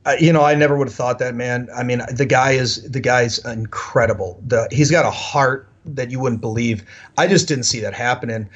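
Brief: husky male guest, animated storyteller, heavy on filler words, dull lo-fi audio. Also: medium pitch, moderate pace. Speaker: podcast guest. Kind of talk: casual storytelling.

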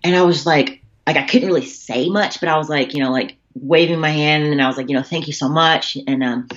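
A woman's voice: sits low, brisk, dull audio. A woman, a bodybuilder guest on a podcast, chatting casually and telling stories with lots of fillers and swearing over a computer call. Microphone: computer call setup.

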